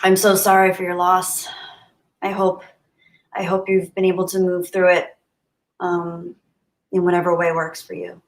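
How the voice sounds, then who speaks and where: A woman's voice: lowish voice, completely flat delivery, unhurried, pauses often. A woman hosting a casual livestream, chatting and answering viewer comments aloud. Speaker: livestream host. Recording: roomy echo.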